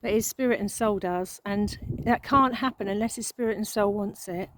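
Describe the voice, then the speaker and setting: A woman giving an emotional spiritual monologue, halting and repeating words, with frequent sighs. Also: mid-range voice, slight background noise, poor audio. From England. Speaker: spiritual channel.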